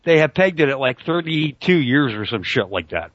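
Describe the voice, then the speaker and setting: A middle-aged man hosts an online talk radio show, rambling and joking crudely in casual banter. His medium-pitched voice is very animated, a bit bright, and normal in speed, with no echo, though his computer call mic gives dull lo-fi online call audio.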